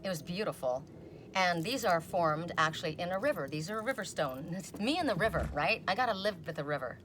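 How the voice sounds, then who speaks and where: A middle-aged woman reading oracle cards in a casual, rambling chat, telling stories and quoting people in animated voices. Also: fairly low pitch, fairly quick, background noise. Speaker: oracle card reader. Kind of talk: casual chatty video reading.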